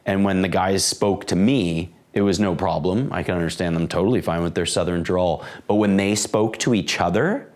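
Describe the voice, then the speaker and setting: A man in his forties co-hosts a casual podcast from indoors at home, recorded on a camera microphone. His low voice moves at normal speed with few pauses as he rambles excitably and corrects himself.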